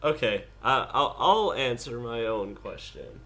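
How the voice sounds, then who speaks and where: A man co-hosting a casual art podcast, talking in a hesitant, halting way with restarts and dry understatement. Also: medium pitch, sing-song, bright, forceful tone, slight background noise. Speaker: podcast co-host. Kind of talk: casual chat.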